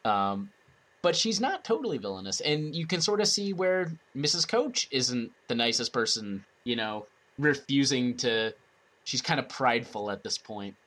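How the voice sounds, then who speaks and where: A man's voice: mid-range voice, sing-song, moderate pace, fairly bright tone. A man co-hosting a loose conversational show. He trips over his words and restarts sentences often. He laughs readily at the others. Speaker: podcast co-host. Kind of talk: casual chat.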